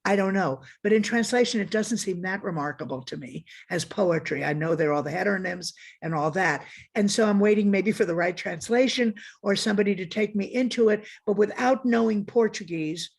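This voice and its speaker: A woman's voice: medium pitch, a little fast, hardly any pauses, breathy edge. A woman guest critic in a conversational academic discussion, frank and digressive, often correcting herself as she talks over a video call.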